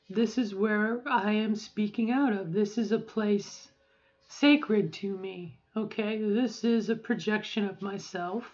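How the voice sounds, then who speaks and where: A middle-aged woman at mid pitch, chatting loosely through a voice-training vlog. She wanders from thought to thought and keeps tagging "okay?" onto her points. The recording sounds a bit dull and lo-fi. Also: a little mellow. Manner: rambling, keeps adding "okay?". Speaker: vlogger.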